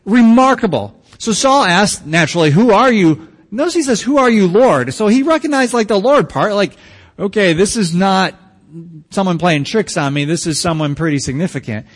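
A male pastor delivers a sermon in a casual, joking way, talking with the congregation. His voice sits a little high for a man. The sound rings with a long hall reverb. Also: lively intonation, moderate pace.

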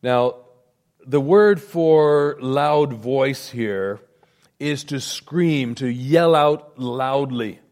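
A male pastor preaching a sermon. He swells into loud emphasis and then drops to a near hush. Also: mid-range voice, extremely slow.

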